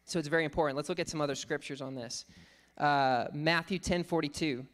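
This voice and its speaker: A man preaching a sermon, teaching earnestly, reading scripture slowly and thinking aloud with fillers. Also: a little high, fairly even intonation, a bit bright.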